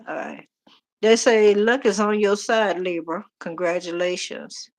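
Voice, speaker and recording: A middle-aged woman, casually reading tarot on a live stream, animated and talking straight to viewers. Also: mid-range voice, unhurried. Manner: chatty, animated, talks to viewers directly. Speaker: tarot reader.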